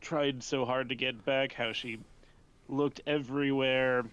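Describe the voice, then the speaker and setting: A man's voice: medium pitch, little pitch movement, a little slow, fairly bright tone, smooth, highs cut off. A man playing a tabletop game who giggles and laughs often as he describes his character. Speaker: player.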